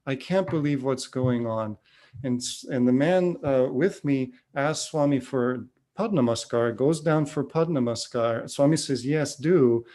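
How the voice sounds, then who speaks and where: A devotional speaker in his fifties gives an earnest spiritual testimony, restarting sentences and acting out bits of dialogue as he tells his story. His voice is medium-pitched with a darkish tone, and his pace is a little slow.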